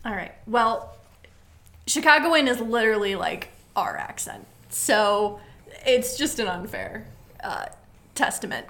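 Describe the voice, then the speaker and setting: A woman's voice: a little high, sing-song, a little slow, fairly bright tone. A woman playing a party game with friends, giggly and self-deprecating. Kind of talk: casual party-game chat. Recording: roomy echo.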